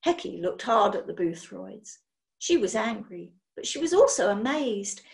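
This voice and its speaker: A woman reading a children's story aloud in an expressive, animated way. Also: mid-range voice, measured pace, creaky. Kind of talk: children's book read-aloud.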